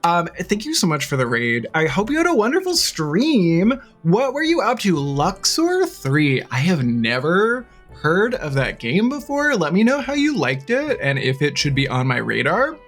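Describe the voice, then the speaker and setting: A woman streamer chatting casually with her live chat, bubbly and quick to laugh, on a desk mic. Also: lowish voice, wildly swooping pitch, faint music behind.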